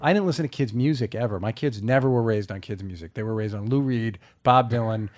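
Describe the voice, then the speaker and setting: A man's voice: fairly low pitch, quick pace, a little mellow. A middle-aged man hosting an interview, chatty and enthusiastic, often jumping in. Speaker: podcast host. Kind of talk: casual interview chat.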